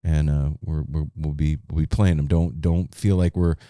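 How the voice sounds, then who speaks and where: A man's voice: very deep voice, flat delivery, normal speed, mellow, clean tone, dry recording, studio quality. A man hosting a casual chat podcast, laid-back, with loose sign-offs. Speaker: podcast host.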